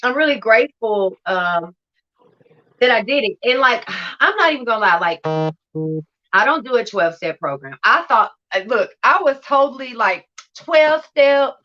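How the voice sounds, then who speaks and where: A woman's voice: on the high side, animated, moderate pace, muffled recording. A woman telling her recovery story in a livestream interview, blunt and profane, acting out scenes as she talks. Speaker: guest sharing recovery story.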